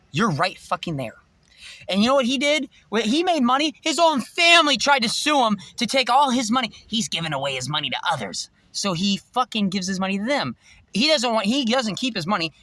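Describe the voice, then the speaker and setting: A man ranting to camera in a rambling, profane monologue, swinging between shouting and muttering. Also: sits high, no room sound. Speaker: vlogger.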